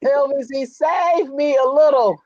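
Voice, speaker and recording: A woman on a live stream reacting with loud laughter and quick exclamations. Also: high-pitched, muffled recording, a loud crowd. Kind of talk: casual chat.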